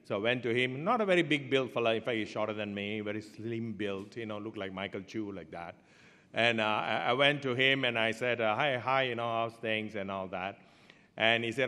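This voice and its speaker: A man preaching a sermon as pastor, telling stories with animated swings in pitch and loudness. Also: normal speed. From Singapore. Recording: long hall reverb.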